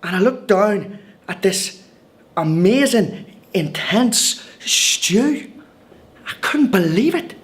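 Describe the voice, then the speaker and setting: A man's voice: high-pitched, lively intonation, takes it slowly, long pauses. An actor with an Irish accent playing a cheerful, wide-eyed newcomer in a scripted comic film monologue. He tells his story in a chatty, wry way, with hesitant restarts. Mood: wry storytelling. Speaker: monologue narrator.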